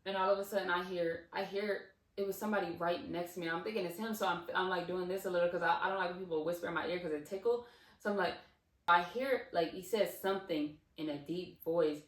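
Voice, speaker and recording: A woman's voice: lowish voice, fairly even intonation, quick pace, reverberant, distant mic. A woman vlogger telling a casual storytime, rambling with many fillers and restarts.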